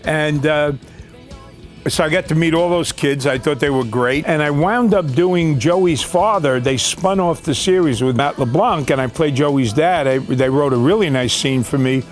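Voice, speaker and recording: A man's voice: on the high side, moderate pace, soft background music. An older man, a veteran actor, reminiscing in a documentary interview, rambling with fillers and restarts. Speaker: actor recalling his career.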